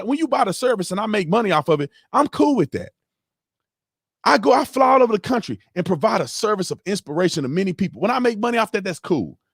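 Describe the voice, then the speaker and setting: A man's voice: sits high, husky, no echo. Heated ranting man streaming, dry close sound. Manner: heated, ranting, swings from loud to quiet. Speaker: livestream host. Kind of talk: livestream commentary.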